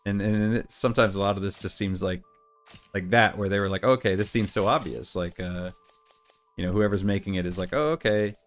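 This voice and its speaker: A man's voice: on the low side, a little fast, faint music behind. A middle-aged man hosting a gaming channel, chatting casually and rambling through stories with quoted voices while he plays. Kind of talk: casual chat while playing.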